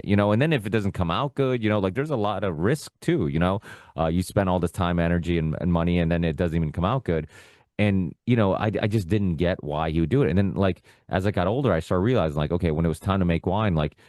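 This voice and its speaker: A man's voice: sits low, fast, a little mellow, no echo, studio quality. A young man, guest on a podcast, telling stories in a loose, rambling way full of "you know" and "like". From United States, Portuguese immigrant family. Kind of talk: casual conversational storytelling.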